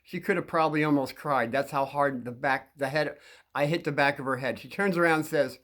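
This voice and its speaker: Guy telling kids about his school days, higher-pitched voice, keeps stopping and restarting. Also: fairly quick, fairly bright tone. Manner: rambling, with frequent restarts and repeated words. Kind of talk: casual spoken storytelling to young listeners.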